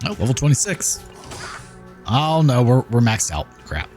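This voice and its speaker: A man hosting a gaming channel, chatting in a relaxed, rambling way as he comments over gameplay. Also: mid-range voice, a little slow. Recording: game music playing behind. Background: game music.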